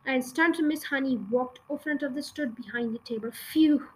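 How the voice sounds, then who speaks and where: A woman's voice: high voice, moderate pace, husky, rough recording. A woman reading a children's novel aloud chapter by chapter, with occasional slips and restarts, then chatting briefly to her listeners. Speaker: audiobook reader.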